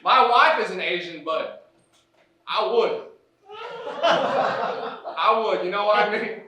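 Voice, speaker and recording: Man doing a folksy Southern principal, loud and high, eager to please, live stage echo from afar. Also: animated, slow, full character voice. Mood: jovial. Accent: Southern US put-on. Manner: hearty, booming, awkwardly over-friendly. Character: folksy clueless white male high school principal. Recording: echoey stage from a distance.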